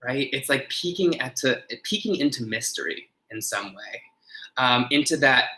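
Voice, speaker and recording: A man's voice: mid-range voice, lively intonation, normal speed, bright, forceful tone, low-quality recording. A man who is a podcast guest, earnestly explaining ideas and often restarting his phrases. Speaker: podcast guest, ritual designer.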